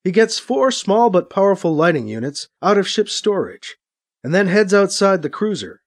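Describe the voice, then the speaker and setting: A man reading a science fiction story as narrator, in steady storytelling narration. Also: high voice, normal speed. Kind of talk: scripted narration.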